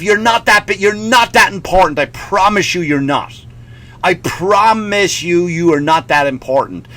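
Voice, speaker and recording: A man's voice: sits high, unhurried, bright, forceful tone. A male comedian and podcast host delivering a profane, sarcastic comic rant, possibly, slipping in mocking voices.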